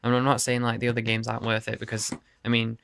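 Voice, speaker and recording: A man's voice: medium pitch, monotone, quick pace, creaky, a bit bright, clean tone, no room sound. A man rambling casually to camera in his bedroom about his game collection, laughing and swearing often. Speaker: video game collector showing his cases.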